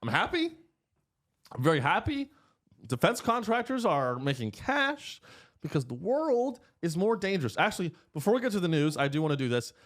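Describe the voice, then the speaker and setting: In a studio, a man in his thirties hosts a loose comedy podcast. His delivery wanders, leans crude and jokey, and moves through wide pitch swings.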